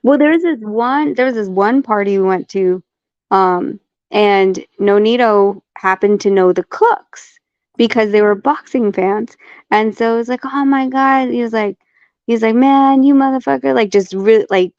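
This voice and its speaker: A woman from the United States speaks bluntly and swears in a chatty conversation. Her voice has a middle pitch. The recording is dry and slightly dull, as if the high end has been cut. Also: normal speed, a little mellow, no room sound. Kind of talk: casual chat.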